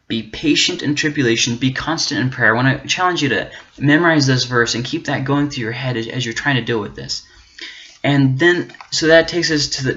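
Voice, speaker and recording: A man giving an earnest, faith-based motivational talk, encouraging and halting, often restarting and repeating words. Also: medium pitch, fairly bright tone. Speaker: self-help channel host. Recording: dull, muffled lo-fi audio.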